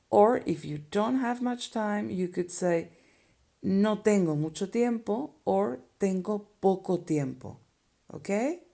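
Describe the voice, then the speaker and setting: A woman's voice: on the low side, creaky, dark tone. A woman with a Spanish accent teaching basic Spanish phrases in English, patiently explaining each phrase step by step. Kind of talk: language lesson explanation.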